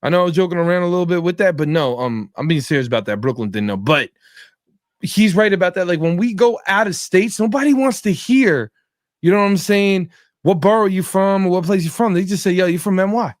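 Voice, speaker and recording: A man, slightly high, recorded close and dry with little room sound. He hosts a casual chat, joking with street slang and slipping laughs between his lines. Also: fairly quick, no echo. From New York.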